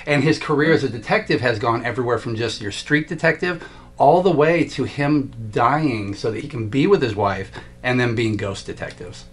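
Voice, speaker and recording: A man's voice: mid-range voice, moderate pace. A man co-hosting a casual podcast, explaining comic book history at length in a knowledgeable way. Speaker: podcast co-host, comics expert. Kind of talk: casual chat about comics and shows.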